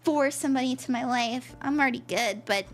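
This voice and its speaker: Bubbly, high-voiced woman tarot streamer. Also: fast. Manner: bubbly and chatty, thanks viewers by name. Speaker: tarot reader and stream host. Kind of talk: casual live-stream chat.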